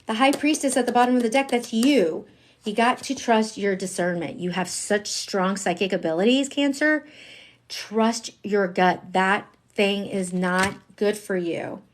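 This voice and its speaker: With a medium-pitched, unhurried voice, a woman gives a live-streamed tarot reading. She's chatty and emphatic, using slang and shifting from hushed asides to excited outbursts.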